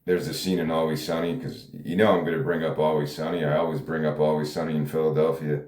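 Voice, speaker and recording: A man's voice: extremely low pitch, flat delivery, fast talker, darkish tone, echoey room. A man hosting his own podcast, talking off the cuff in a rambling, self-deprecating way and laughing often. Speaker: podcast host. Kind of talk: casual solo monologue.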